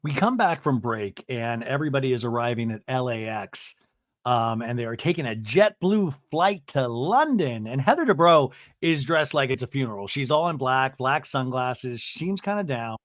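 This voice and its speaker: A man hosts a comedy podcast, recapping reality TV in a loose, chatty way. His pitch swings widely as he mimics the cast and throws in swear words. The voice is dry and close, with no room sound. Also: moderate pace, dry recording. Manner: animated, swears, acts out cast members' lines. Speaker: podcast host.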